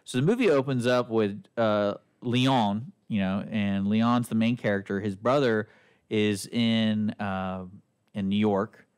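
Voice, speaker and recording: A middle-aged man hosting a casual movie podcast, retelling a plot with animated, acted-out quotes. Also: lowish voice, measured pace, clean tone. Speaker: podcast host reviewing movies. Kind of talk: casual chat.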